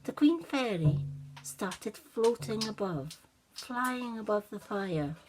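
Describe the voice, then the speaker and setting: An older woman reading a children's story aloud with an expressive, animated manner. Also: medium pitch, slow, over music, low-quality recording.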